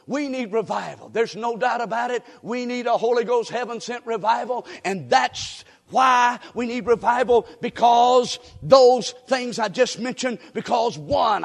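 A man preaching a revival sermon, folksy and direct with the congregation, dropping to quiet asides and rising to shouted exhortation. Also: high voice, sing-song, moderate pace. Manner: folksy, addresses crowd directly. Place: church sanctuary. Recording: long hall reverb.

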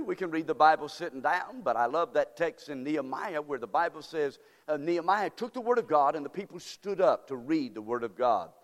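A male pastor preaching a sermon, reading scripture slowly and with emphasis, calling on the congregation to respond, then praying. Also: a little high. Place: church sanctuary. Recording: reverberant hall.

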